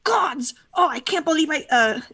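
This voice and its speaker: A woman's voice: high-pitched, expressive, normal speed, pushed and bright, voice pushed up. Woman voicing a stammering orc ghost in a huff. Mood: indignant. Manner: rambling, exasperated ranting with stammered restarts. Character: fretful female orc mortician ghost, grudge-holding.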